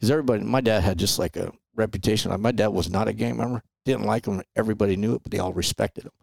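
A middle-aged man from Los Angeles tells stories as a podcast guest in a casual, animated way and often tosses in "man" and "right?". His voice sits low and has a gravelly fry, and it is recorded dry and close to the mic. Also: racing, dry recording. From Los Angeles, USA. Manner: animated storyteller, peppers talk with "man" and "right?". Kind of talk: casual storytelling interview.

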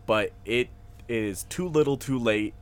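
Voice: mid-range voice, unhurried, soft background music. A podcast co-host in casual chat, teasing in a wry, mock-serious manner.

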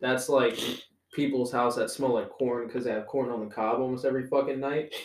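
A young man co-hosting a podcast, chatting casually and crudely with quick quips. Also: medium pitch, fairly even intonation. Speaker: podcast co-host. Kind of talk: casual chat among friends. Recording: echoey room with faint noise.

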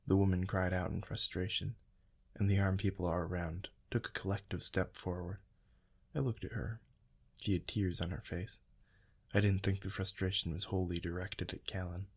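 Deep husky male narrator. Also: steady tone, normal speed. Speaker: audiobook narrator. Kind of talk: first-person fiction narration.

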